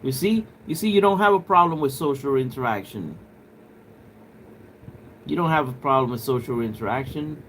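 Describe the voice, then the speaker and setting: A man's voice: medium pitch, lively intonation, normal speed, long pauses, a bit bright, a little hiss or hum. A man on a live stream, rambling loosely to his viewers with plenty of filler and swearing. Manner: rambling, talks straight to viewers in chat; loose and profane, lots of filler. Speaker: livestreamer. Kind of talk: casual livestream chat.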